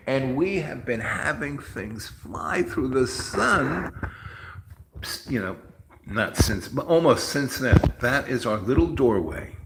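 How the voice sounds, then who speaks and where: A man's voice: medium pitch, expressive, slow pace, echoey room, background noise. A man hosting a rambling, chatty monologue and telling stories. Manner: chatty, storytelling, mimics others in raised voice. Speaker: host.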